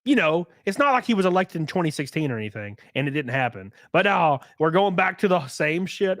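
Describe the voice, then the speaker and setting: A man hosting a livestream, reading viewer donations and ranting in a profane, excitable way. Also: sits high, normal speed, no echo, studio quality. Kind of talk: casual livestream chat and rant.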